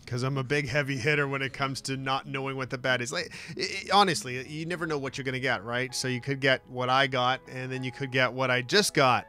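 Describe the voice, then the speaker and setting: Bright-voiced talk show host, man. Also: medium pitch, fairly quick, hardly any pauses, faint music behind. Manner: animated storytelling with laughs. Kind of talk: casual sports talk.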